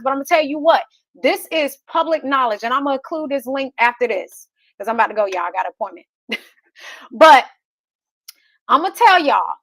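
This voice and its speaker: Woman, thirties, motivational host, fired-up, preachy, high voice, dry close sound. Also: sharp tone, no echo. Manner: fired-up, preachy, rhetorical questions. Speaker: real estate investor and host. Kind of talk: motivational talk to camera.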